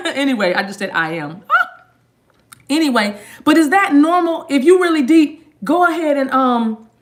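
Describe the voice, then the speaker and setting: A woman's voice: sits high, expressive, moderate pace. A woman hosting a tarot live stream, chatting casually and playfully with viewers in slang, joking and laughing often. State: eating a mint while talking.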